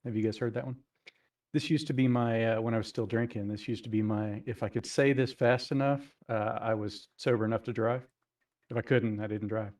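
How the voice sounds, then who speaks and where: A man telling a joke in a casual chat with friends, relaxed and quick to laugh. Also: fairly low pitch, distant mic.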